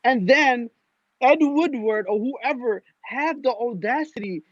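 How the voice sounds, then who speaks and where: A man's voice: very high voice, takes it slowly, dry recording, highs cut off. A man speaking as a guest panelist, ranting in an exasperated way as a fan. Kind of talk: passionate fan rant.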